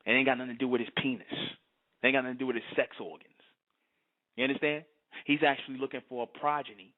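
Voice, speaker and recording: A man's voice: medium pitch, steady tone, fast. A man giving a preachy, repetitive lecturing monologue, often stopping to ask if the listener understands. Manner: preachy, repetitive, keeps asking "you understand?". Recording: tinny phone-like line.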